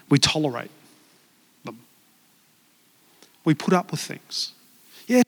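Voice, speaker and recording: A man's voice: a little high, fairly bright tone, big-room sound. A male pastor giving a sermon in a church, earnest and conversational, often repeating words as he searches for them.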